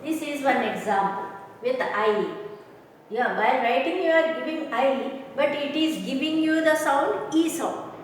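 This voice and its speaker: A woman teacher with a high voice talks slowly through a pronunciation lesson, repeating sounds and asking whether the class understands. She is caught from a distance in a large hall, her voice ringing with long reverb over a faint room hum. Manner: slow, repetitive, asks "understand?" often. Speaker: English teacher. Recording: echoey hall from far off, faint ambience.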